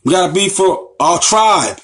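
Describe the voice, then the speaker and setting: A man from the United States lectures as an Islamic teacher, with a voice that sits somewhat high for a man. He drives his points home by repeating phrases and firing rhetorical questions at his audience. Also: expressive, unhurried, fairly bright tone. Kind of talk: impassioned lecture.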